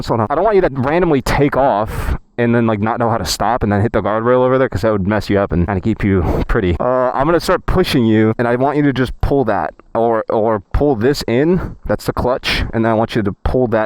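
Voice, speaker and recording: A man's voice: mid-range voice, dry recording. A young man vlogging in a casual, rambling way, joking and cutting himself off, recorded outdoors in a parking lot on an action camera. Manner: rambling, joking, self-interrupting. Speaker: motorcycle vlogger. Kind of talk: casual vlog chat.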